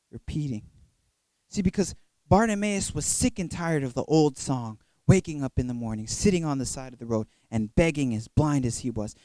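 A man's voice: on the high side, darkish tone, no room sound. A man preaching a sermon at a youth worship service in an emphatic, repetitive, building way.

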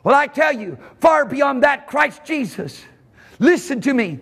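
A male pastor preaching a sermon at a church service. He preaches fervently, jumps from sudden shouts to a low, quiet voice, and chuckles between phrases. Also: sing-song, a little slow, gravelly, big-room sound.

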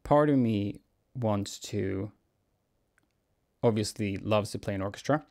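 A young man, a cellist answering viewer questions in a relaxed, musing Q&A vlog, chuckling often. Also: on the low side, unhurried, vocal fry. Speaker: cellist and YouTuber. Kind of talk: casual Q&A vlog.

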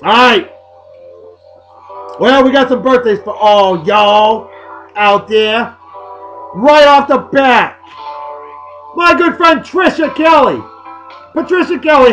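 A boisterous man, his voice sitting unusually high for a man. He rambles and jokes through a casual vlog with music playing behind him. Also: a bit bright, low-quality recording. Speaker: host. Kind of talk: casual beer-review vlog.

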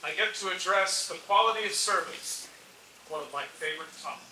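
A man's voice: sits high, brisk, pushed and bright. A man giving a formal ceremonial speech, emphatic and stressing key words. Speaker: member of an order speaking at a ceremony. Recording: echoey, distant, with background noise.

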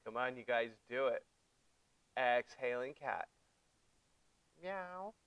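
A man teaching a yoga class, giving gentle step-by-step cues for breath and poses, playful with his young students. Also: medium pitch, little pitch movement, a little slow, clear, resonant tone, no room sound, lo-fi sound. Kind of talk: guided yoga class instruction.

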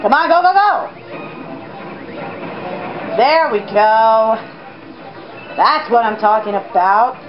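A high-pitched woman who swings all over her range as she reacts to the game, exclaiming and chattering at the screen. She talks at an unhurried pace. The sound is dull and lo-fi, with game music playing loudly underneath. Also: animated. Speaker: let's play gamer. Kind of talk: excitable gameplay commentary.

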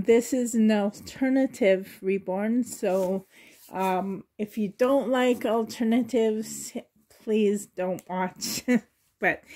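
A woman vlogger with a sore throat and cough chats through a doll unboxing, gushing with excitement and trying to spare her voice. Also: a little high. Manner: excited and gushing, often laughing; holds back her voice, sometimes drops to a whisper. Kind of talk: casual unboxing chat.

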